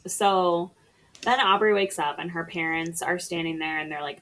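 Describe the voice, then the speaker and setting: A woman's voice: fairly low pitch, moderate pace, a bit bright. A woman casually recapping a film on a podcast, chatty and sarcastic, swearing freely. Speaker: podcast co-host or guest. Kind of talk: casual movie recap chat.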